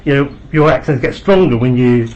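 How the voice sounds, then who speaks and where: A man's voice: medium pitch, expressive, normal speed, a little mellow. A man with a London accent asking probing questions in a meeting, hesitant and patient, often restarting his sentences. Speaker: interviewer at a meeting. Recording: dull lo-fi recording.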